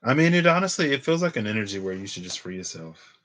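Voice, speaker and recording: A man's voice: fairly low pitch, big pitch swings, quick pace, a bit bright, rough recording. A man in his twenties giving a casual tarot reading, chatty and rambling off into tangents. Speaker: tarot reader.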